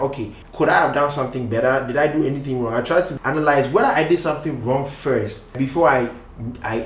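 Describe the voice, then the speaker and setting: A young man co-hosting a couple's channel, speaking casually and straight to viewers with slang like bro and guys. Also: medium pitch. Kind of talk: casual chat. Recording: roomy room echo.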